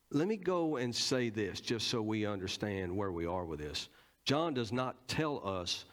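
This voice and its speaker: A man with a Southern American accent preaching a teaching sermon in church, stressing points and quizzing the congregation. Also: mid-range voice. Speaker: pastor.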